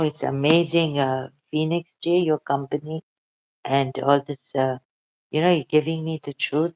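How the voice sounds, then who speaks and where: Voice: mid-range voice, a little mellow. A channel host talking emotionally and hesitantly in a casual livestream chat.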